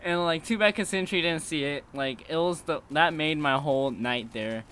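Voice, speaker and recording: A man's voice: fairly high pitch, moderate pace, fairly bright tone, clear, resonant tone. A teenage boy telling a story casually, swearing and laughing as he goes.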